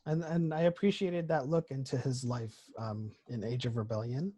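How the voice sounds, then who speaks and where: A man of ordinary pitch co-hosts a podcast in easygoing chat. He rambles and works out his thoughts mid-sentence. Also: fairly even intonation, normal speed, mellow, husky. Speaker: podcast co-host. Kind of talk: casual chat.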